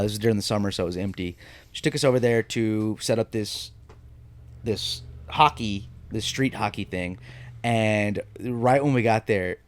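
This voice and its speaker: A man in his thirties on a podcast, telling stories in casual chat and breaking into high, shrieking laughs. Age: 30s. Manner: animated storyteller, bursts into high laughing shrieks. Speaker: podcast co-host.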